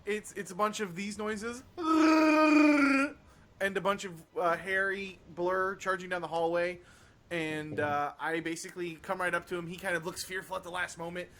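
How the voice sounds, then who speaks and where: A man's voice: high voice, little pitch movement, moderate pace, bright, forceful tone, a little hiss or hum. A man playing a tabletop game, describing his character's actions in casual, hesitant speech and swearing freely. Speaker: player.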